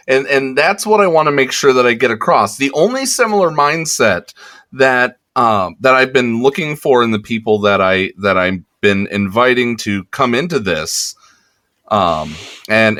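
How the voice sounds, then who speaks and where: A man hosting a podcast, making a rambling, halting announcement in casual chat. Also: medium pitch, a bit bright. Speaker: podcast host.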